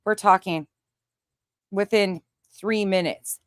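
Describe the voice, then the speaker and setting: A young woman from Montana, a livestream host chatting casually with viewers and telling a story in a profane, animated way. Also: deep voice, normal speed, dry recording, clean studio sound. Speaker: livestream host reading chat.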